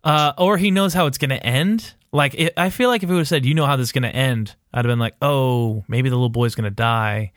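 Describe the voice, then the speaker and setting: A man's voice: medium pitch, brisk, few pauses, a bit bright, no room sound, clean studio sound. A man co-hosting a podcast, recapping a TV episode in a loose, rambling way with lots of fillers and swearing. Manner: rambling, profane, full of fillers and quoted asides. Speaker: podcast co-host. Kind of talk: casual TV recap chat.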